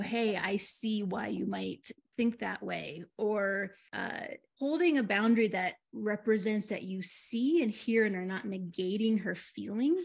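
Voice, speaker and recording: A woman co-coaching on relationships, giving thoughtful, measured explanations. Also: mid-range voice, creaky. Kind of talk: reflective coaching talk.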